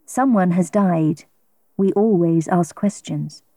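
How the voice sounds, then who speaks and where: Cool male police inspector, read by a woman, probing, clipped questions, slow, mellow and dark. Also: on the low side, dry recording. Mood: firm.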